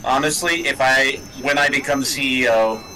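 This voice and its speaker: A man's voice: medium pitch, moderate pace, a crowd in the background, low-quality recording. A man co-hosting a let's-play, joking around, swearing casually and asking his friend questions about the game. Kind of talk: casual gaming chat.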